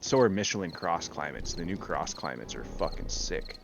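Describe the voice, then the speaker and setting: Rambling low-voiced man in his thirties. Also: animated, normal speed, creaky, very noisy. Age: 30s. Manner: rambling, swears often, many "like" fillers. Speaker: gaming video host. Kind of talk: casual storytelling chat while gaming.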